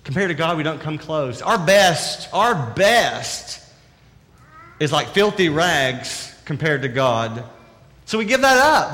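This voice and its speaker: A man's voice: on the high side, fairly bright tone, long reverb tail. A man with a Southern accent giving an earnest, conversational sermon that is full of rhetorical questions. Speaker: preacher.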